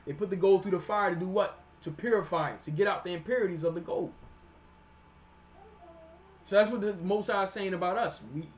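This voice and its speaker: Man, high voice, sermon teaching, slow verse reading, plain explanations, keeps checking in with listeners. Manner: reads verses slowly then explains in plain street talk; repeats "all right?" to check on listeners.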